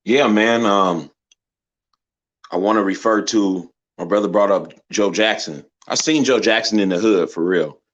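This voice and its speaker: Man, low voice, emphatic sports commentary, rhetorical questions, dull lo-fi recording. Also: a little slow. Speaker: channel host. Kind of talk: passionate commentary.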